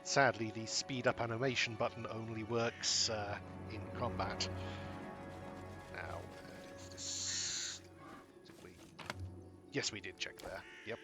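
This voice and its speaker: A man talking slowly through a computer role-playing game as he plays, stopping and restarting his sentences often while he decides. He sounds like a streamer with his mic close. Game music plays clearly behind him the whole time. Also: lowish voice, fairly even intonation. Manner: halting, many restarts and fillers. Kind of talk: casual gameplay chat.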